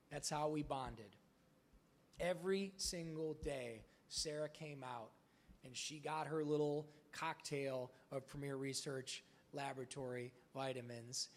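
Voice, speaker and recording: A man speaking as a motivational speaker at a live event, telling candid stories casually, swearing freely and acting out the dialogue. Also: fairly high pitch. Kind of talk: live storytelling talk.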